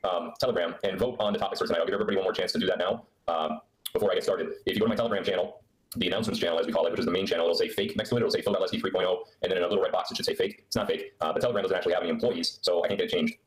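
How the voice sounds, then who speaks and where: A low-pitched man rattles through a live stream at breakneck speed, rambling and sarcastic. His laptop mic catches a noticeably echoey room around him. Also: fairly even intonation, racing. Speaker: livestream host. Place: indoor room on a trip. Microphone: laptop microphone.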